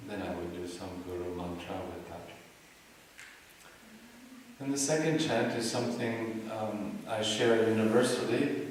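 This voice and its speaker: A man giving a devotional talk as a meditation teacher, soft-spoken and unhurried, explaining and leading chants. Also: fairly low pitch, slight background noise. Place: yoga retreat hall. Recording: echoey hall from far off.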